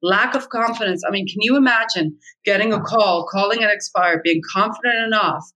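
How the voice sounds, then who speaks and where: Blunt, emphatic woman agent, bright and forceful tone, interview guest. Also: mid-range voice, fairly quick, poor audio. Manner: emphatic, blunt, repeats points for stress. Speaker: real estate agent and mentor. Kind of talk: podcast interview answers.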